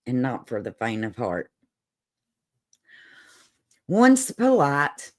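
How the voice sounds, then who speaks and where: A woman from the Southern hills speaking with a rough-edged Appalachian accent, hosting a casual livestream. Her voice sits low but rises and falls with animated melody. She takes her time, folksy and a little sassy, with frequent laughter. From Southern United States, Appalachian holler. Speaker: livestream host.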